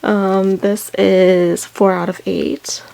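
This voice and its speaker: A woman in a casual unboxing vlog, excited and out of breath, gushing with many ums as she goes. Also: mid-range voice, slow, gravelly, slight background noise. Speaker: unboxing vlogger.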